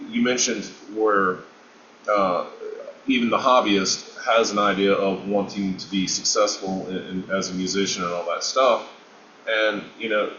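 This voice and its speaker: A lower-voiced man talks in a reflective, hesitant ramble. His audio sounds roomy and muffled, with a faint noise floor behind him. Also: fairly bright tone. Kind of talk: casual chat on a video call. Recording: roomy, dull lo-fi call audio.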